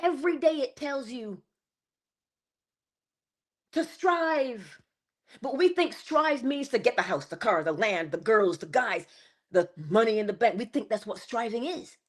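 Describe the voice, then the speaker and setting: A woman giving a passionate spiritual motivational talk, slowing down and stretching key words for emphasis. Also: fairly high pitch, lively intonation. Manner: passionate, preachy, rising and falling emphasis. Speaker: inspirational speaker.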